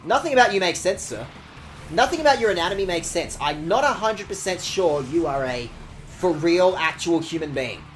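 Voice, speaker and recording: A man streaming a video game, chatting casually with his viewers in a sarcastic, animated way and swearing often. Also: sits high, moderate pace, faint music behind.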